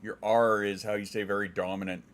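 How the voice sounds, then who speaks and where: Casting note: middle-aged Western Canadian guy, lowish voice, crisp ex-DJ diction, jokey stream chat. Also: flat delivery, brisk. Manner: clear enunciating, trained voice; joking, dad jokes. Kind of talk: casual chat reading viewer comments.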